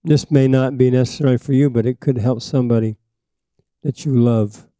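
A man's voice: medium pitch, fairly even intonation, moderate pace, no room sound. An older man preaching a sermon, emphatic and repetitive, with a frog in his throat and frequent coughs. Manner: emphatic, rising to forceful peaks then dropping to asides. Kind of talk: sermon teaching.

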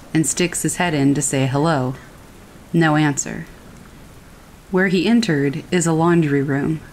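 A woman with a low voice narrates a scary story in a calm, steady manner. Soft rain falls faintly behind her throughout the reading. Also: a little hiss or hum, rough recording. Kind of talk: scripted narration of reader stories. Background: rain falling.

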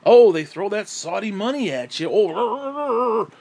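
A man delivering an exasperated, profanity-laden solo rant, sighing and swinging between yelling and muttering. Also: high voice, expressive, slow pace, breathy edge. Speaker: wrestling commentary YouTuber.

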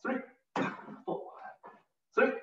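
Slow-counting tai chi teacher, man. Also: slight background noise. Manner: counts beats aloud, short broken phrases. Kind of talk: step-by-step movement instruction. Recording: distant roomy lo-fi recording.

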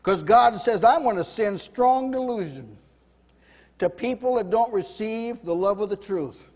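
A fervent male preacher with a very high voice, delivering a sermon in a room with a long, ringing reverb. His voice climbs and gets loud when he acts out quoted speakers. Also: a little slow. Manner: fervent, rises loud when voicing God and Moses. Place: house church meeting room.

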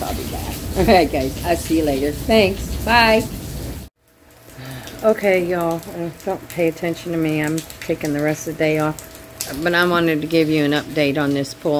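A woman chatting casually to camera at home, frank and folksy, swearing freely. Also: fairly low pitch. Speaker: vlogger. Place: home, porch and pool area in rain. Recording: rain noise clearly behind.

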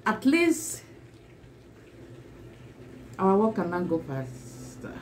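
A woman's voice: lowish voice, slow, darkish tone, rough recording. A woman vlogger unboxing a new laptop, gushing and repeating her exclamations again and again, laughing between lines. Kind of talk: excited unboxing vlog.

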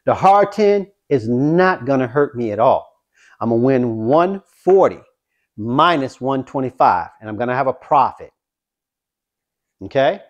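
A man vlogging his craps practice, talking viewers through each throw with excitement. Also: mid-range voice, measured pace, dull audio. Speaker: dice-control craps vlogger. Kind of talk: casual play-by-play while throwing dice.

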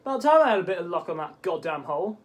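A man commentating a golf video game, swearing often and yelping at bad bounces, his voice cracking into high squeaks. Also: very animated, very fast. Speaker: gaming channel host. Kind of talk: let's play commentary.

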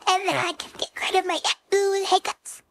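A woman voicing a tall young wolf girl who keeps hiccupping, speaking in a squeaky, flustered, halting way in an audio role-play. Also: fairly even intonation, gravelly, a bit bright, heavily acted. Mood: flustered pleading. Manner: flustered, pleading, halting speech. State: hiccupping constantly.

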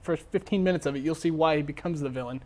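Man, co-host, casual debate chat, rapid-fire delivery, slightly high voice, joking and sarcastic. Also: darkish tone.

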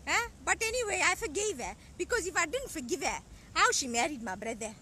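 Mock-innocent troublemaker sister-in-law voiced by a woman; high, sharp, swinging pitch. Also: very animated, brisk, a little hiss or hum, full character voice. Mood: whiny, mock-innocent. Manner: whiny, mock-innocent, quarrelsome. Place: outdoors at a beach.

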